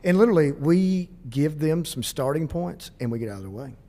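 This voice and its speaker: A middle-aged school district administrator with a Southern US accent tells stories in a casual podcast interview, acting out bits of dialogue. He's an animated, quick storyteller whose voice sits a little high.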